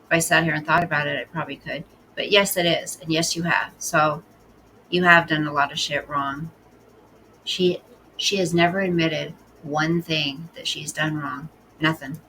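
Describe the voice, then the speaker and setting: A woman's voice: deep voice, steady tone, moderate pace, pushed and bright, a little hiss or hum, rough recording. A woman hosting a casual reaction commentary, talking bluntly and sarcastically as she scolds the person in the clip. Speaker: commentary host.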